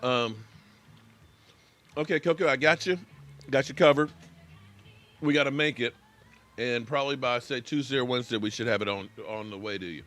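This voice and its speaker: A man's voice: mid-range voice, normal speed, pauses often, fairly bright tone. An American man hosting a casual live sports reaction stream, chatting with viewers by name and talking while he eats.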